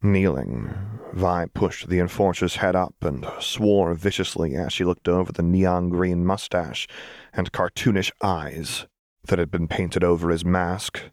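A man reading a fan-fiction story aloud as a steady, measured narrator. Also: deep voice, no room sound, clean studio sound. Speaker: audiobook reader. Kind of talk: scripted narration.

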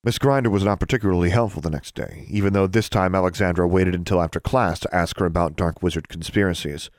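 A man narrating a storybook in a steady, even reading. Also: deep voice, quick pace, dry recording, clean studio sound. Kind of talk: scripted audiobook narration.

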